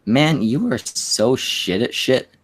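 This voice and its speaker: Rambling French Canadian stream host. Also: male voice, mid-range voice, animated, takes it slowly. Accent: Quebec French Canadian. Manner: rambling, full of fillers and restarts. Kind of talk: casual crude banter.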